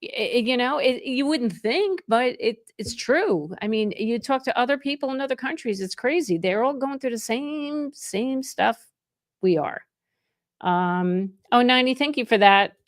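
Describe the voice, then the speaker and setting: With a slightly high voice and a measured pace, a middle-aged woman from New Jersey who works in real estate chats on a live stream. She reads viewer comments and greets people by name in excited bursts, captured in clean studio sound without echo.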